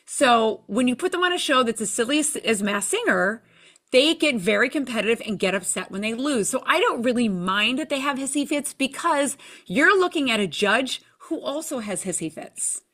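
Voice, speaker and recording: Bright, animated woman telling stories. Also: a little high, moderate pace. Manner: animated storyteller, acts out quoted lines. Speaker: TV show judge, interview guest. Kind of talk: casual interview chat.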